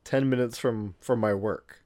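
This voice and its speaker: A man's voice: medium pitch, unhurried, darkish tone. Chatty laughing male podcast co-host. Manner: chatty, laughs often while telling stories. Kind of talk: casual chat.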